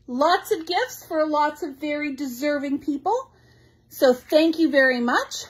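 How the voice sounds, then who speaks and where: A woman's voice: sits high, lively intonation, a little slow. A middle-aged woman who owns a craft store, hosting a casual live stream, chatty and effusive as she reads viewer comments aloud. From Canada.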